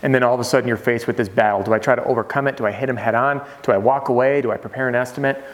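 A roofing sales trainer delivers a motivational coaching monologue to sales reps, energetic and conversational, sprinkling in "right?" check-ins. His mid-range voice races along.

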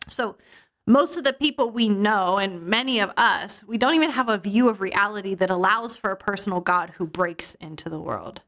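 A woman giving a sermon, reading scripture aloud and then retelling the story in an expressive, dramatic way. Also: mid-range voice, moderate pace. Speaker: preacher.

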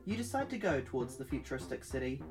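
A woman host reading an adventure book aloud in a playful, giggly, animated way. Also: rumbling low, fast, far from the mic, over music. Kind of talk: playful read-aloud narration.

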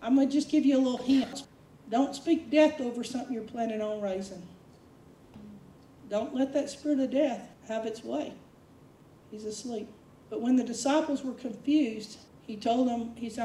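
A woman's voice: fairly high pitch, moderate pace, dark tone, slight background noise. A woman preacher delivering a sermon in a conversational, emphatic way, sometimes acting out quotes. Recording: roomy echo, distant mic.

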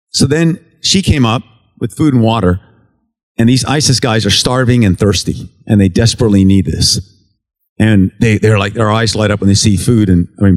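Earnest American man telling war stories. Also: fairly low pitch. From United States. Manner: earnest, conversational, acts out dialogue while telling stories. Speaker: relief worker giving a mission report to a church. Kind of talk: storytelling testimony talk.

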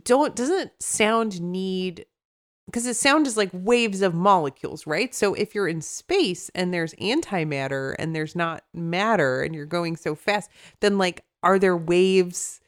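A woman's voice: fairly low pitch, expressive, measured pace. A woman with a Chicago accent co-hosting a podcast in casual chat, rambling with many fillers and restarts. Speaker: podcast co-host.

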